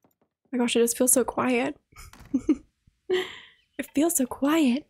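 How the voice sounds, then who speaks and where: A woman's voice: high voice, slow pace, darkish tone, breathy edge. A young woman streaming a game live, gushing and greeting her viewers one by one.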